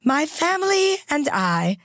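A woman impersonating an elderly queen reading a formal royal statement in a measured, stately cadence. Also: high voice, big pitch swings, fairly bright tone, dry recording, studio quality, voice pushed up, heavily acted.

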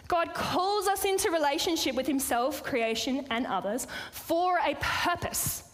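High-voiced woman preaching in a hall. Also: lively intonation, measured pace, a bit bright. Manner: playful, chatty asides to the audience. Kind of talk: sermon. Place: church or hall with a live audience. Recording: long hall reverb.

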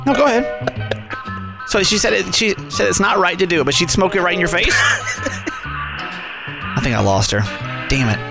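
A host of a radio call-in show, lively and laughing while prompting callers. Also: mid-range voice, normal speed, creaky, long pauses, music in the background.

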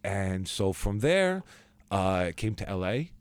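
Animated low-voiced man telling stories. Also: a little slow, clean tone, no room sound. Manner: animated storyteller who acts out quotes with big pitch jumps. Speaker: guest actor. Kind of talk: casual storytelling in a podcast chat.

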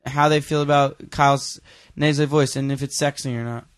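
A man's voice: mid-range voice, steady tone, brisk. A man hosting a casual podcast chat, teasing his co-host and reading out jokes. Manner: teasing, jokey, reads one-liners aloud.

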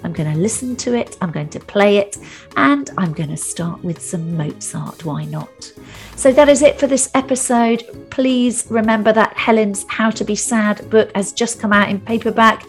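A woman's voice: mid-range voice, moderate pace, soft background music. A woman hosting a podcast, making wry joking asides between questions and in her outro. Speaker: podcast host.

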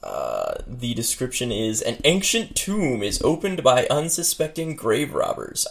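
A man's voice: medium pitch, vocal fry. A man co-hosting a casual podcast, laughing often and reading an interactive story aloud. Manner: laughing, animated reader.

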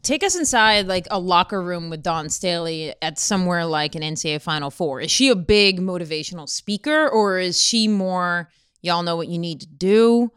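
A woman hosting a sports interview, asking friendly, quick questions and steering the talk. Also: fairly low pitch, lively intonation, fairly bright tone, clean tone, no echo, clean studio sound. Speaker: sports podcast host. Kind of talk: casual interview.

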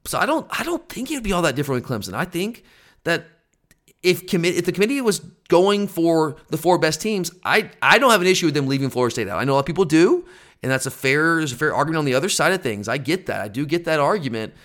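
A man's voice: fairly high pitch, animated, fast, a bit bright. A man hosting a sports fan podcast, exasperated and emphatic as he rants about his team. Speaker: podcast host. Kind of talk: opinionated fan podcast rant.

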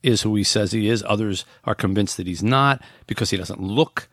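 A man's voice: lowish voice, moderate pace, a bit bright, no room sound, studio quality. A man hosting a podcast, casually retelling a book's plot with frequent fillers and restarts. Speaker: podcast host.

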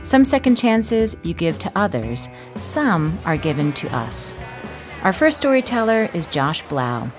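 A woman hosts a radio program, her low voice swinging through a wide, lively melody. The scripted narration is measured and expressive, with clear music playing underneath. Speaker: radio show host. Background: music bed.

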